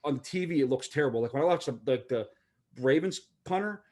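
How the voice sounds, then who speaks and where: A man's voice: fairly high pitch, animated, brisk, a little mellow. A man co-hosting a casual sports podcast, joking and talking in rambling runs with many stammering restarts. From Pittsburgh area. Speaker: podcast co-host.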